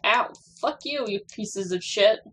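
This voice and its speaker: A woman's voice: medium pitch, measured pace, fairly bright tone, slight background noise. A young woman giving casual gameplay commentary, swearing a lot and talking back at characters on screen. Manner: laughs and squeals while playing. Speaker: gameplay streamer.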